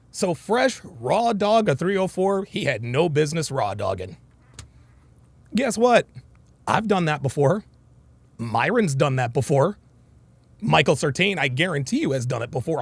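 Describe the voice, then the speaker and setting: A man talks straight to his viewers in a casual commentary monologue, swearing freely as he tells a story. His pitch climbs and dips a lot, and a gravelly rasp sits under it. He speaks a bit higher than most men. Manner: profane, storytelling, animated. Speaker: commentary host.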